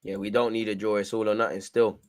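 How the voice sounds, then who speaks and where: Speaking quickly in a fairly low voice, a young man delivers excitable live fan commentary on a football match. He urges the players on and swings between frustration and hype.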